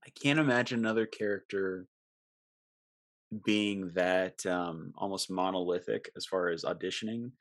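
A man interviewing a guest, asking his question haltingly while he searches for words. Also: deep voice.

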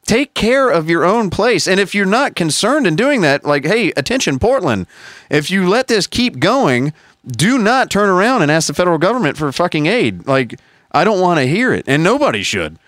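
A man's voice: high-pitched, big pitch swings, normal speed, fairly bright tone, no echo, studio quality. A man co-hosting a podcast, ranting heatedly with profanity and sarcastic put-on quotes. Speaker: podcast co-host. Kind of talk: casual podcast rant.

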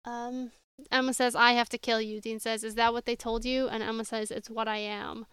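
A woman's voice: a little high, level tone, normal speed, a bit bright, smooth, no echo. A woman co-hosting a casual show recap, exasperated and sarcastic, recounting scenes from her notes. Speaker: podcast co-host.

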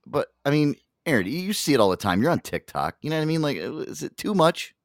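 Animated, swearing podcast co-host man. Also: a little high, quick pace, creaky, no room sound, clean studio sound. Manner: animated storytelling, swears a lot, acts out quotes. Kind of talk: casual podcast chat.

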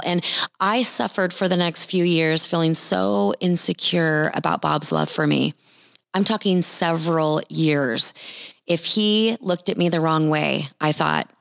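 A woman's voice: lowish voice, fairly even intonation, measured pace, gravelly, no echo, studio quality. A middle-aged woman sharing a Christian testimony in an earnest, heartfelt storytelling manner. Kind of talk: personal testimony talk.

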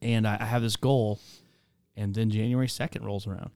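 A middle-aged man hosting a relaxed chat as a pastor, his voice smooth and clean. He jokes around and tells lively stories, and the sound is close and dry with no room behind it. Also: fairly low pitch, brisk, dry recording. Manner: joking, animated storyteller. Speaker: pastor and podcast host. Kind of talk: casual chat.

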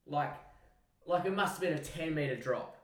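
An Australian man and podcast co-host telling an animated, sweary story in casual chat. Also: fairly high pitch, moderate pace, recorded from a distance. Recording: roomy sound, mic set back.

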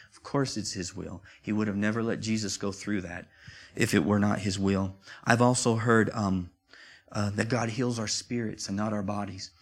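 A man's voice: on the low side, a bit bright. A man preaching a sermon in a conversational way, often repeating himself and rising to emphatic peaks.

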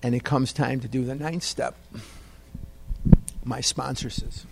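A man's voice: mid-range voice, little pitch movement, measured pace, creaky, long pauses. A man telling a humorous, self-deprecating personal story to a meeting audience. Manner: self-deprecating, wry, conversational. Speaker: speaker at a recovery meeting.

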